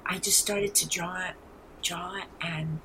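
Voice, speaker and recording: A woman in her seventies with a New York accent, telling rambling, animated stories as an interview guest. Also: lowish voice, takes it slowly, a little hiss or hum, poor audio. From New York City. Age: 70s. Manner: rambling, animated storyteller with frequent restarts. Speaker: guest artist. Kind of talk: casual interview.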